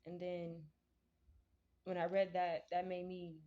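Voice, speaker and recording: A woman reading Bible verses aloud in a casual vlog, slowly and carefully, stumbling over words and chatting about what they mean. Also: lowish voice, completely flat delivery. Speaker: vlogger reading scripture. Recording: dull lo-fi sound.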